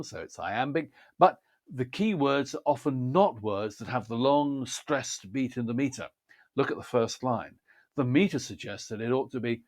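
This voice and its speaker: A man giving a measured, precise talk on how to prepare a poem for reading aloud. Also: mid-range voice, lively intonation. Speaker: poetry reading teacher. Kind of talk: scripted instructional talk.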